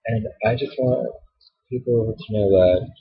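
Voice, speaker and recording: A man's voice: unhurried, gravelly, husky. A young man venting to the camera in a heated, profane, sassy rant, recorded on a poor built-in camera mic. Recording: dull low-quality camera audio.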